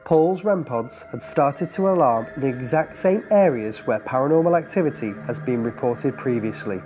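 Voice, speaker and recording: A narrator telling of a paranormal investigation in measured documentary style. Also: mid-range voice, expressive, dark tone, soft background music. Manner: measured storytelling.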